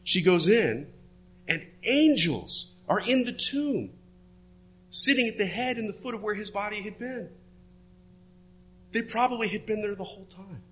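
Bright-voiced male preacher telling a story. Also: sits high, expressive, measured pace, long pauses, slightly rough. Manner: storytelling, drops to hushed tones for quoted words. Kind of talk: sermon.

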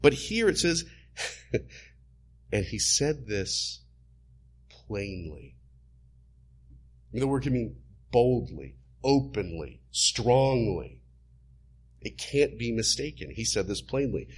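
A man's voice: mid-range voice, very animated, takes it slowly, a little mellow, husky. A man preaching a sermon in an emphatic, teaching manner.

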